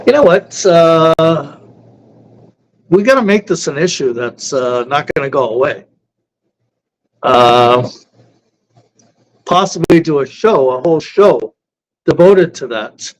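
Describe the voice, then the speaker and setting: A man hosting a talk show, speaking in a halting way with many filler sounds. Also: a little high, slight background noise, low-quality recording. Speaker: host. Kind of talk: heated talk-show discussion.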